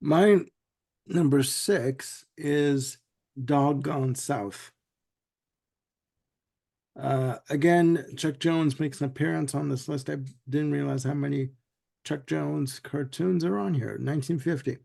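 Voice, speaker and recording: A man's voice: a little high, slow pace, gravelly, warm tone. A man hosting a casual podcast chat, rambling through a retelling with lots of "you know"s. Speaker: podcast host.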